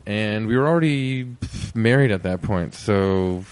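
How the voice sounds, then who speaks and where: A man's voice: on the low side, measured pace, smooth. A man hosting a podcast, introducing the episode in a rambling, joking way with many fillers. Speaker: podcast host.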